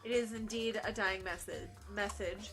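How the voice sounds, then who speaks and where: A woman's voice: medium pitch, steady tone, moderate pace, a bit bright, faint music behind. A woman co-hosting a game playthrough, joking and reading game characters' lines. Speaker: let's play co-host.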